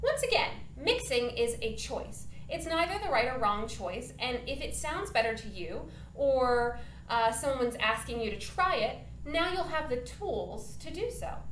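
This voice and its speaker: A woman's voice: high-pitched, big pitch swings, unhurried, few pauses, a bit bright, reverberant, slight background noise. A woman teaching a children's singing lesson, upbeat and encouraging, demonstrating points with her own voice.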